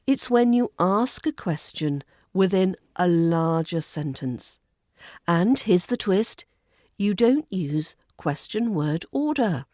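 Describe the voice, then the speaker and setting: Slow, dry-voiced English accent coach. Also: female voice, fairly low pitch, lively intonation, dark tone, dry recording. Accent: Southern English RP. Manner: clear, measured, polite teaching delivery. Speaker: British accent coach and podcast host. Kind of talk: scripted podcast lesson.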